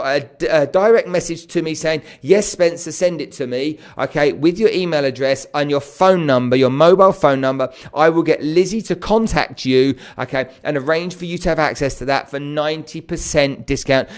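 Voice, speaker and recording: Energetic man hosting a live stream. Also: fairly high pitch. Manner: energetic, punctuates with "okay?". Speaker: host. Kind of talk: live-streamed talk to viewers.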